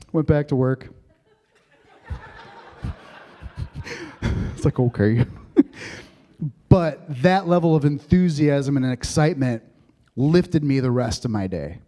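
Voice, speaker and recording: A male pastor preaching a sermon, telling stories with jokes and laughter and getting animated with excitement. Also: fairly high pitch, a little slow, pauses often. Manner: joking, storytelling, laughs often.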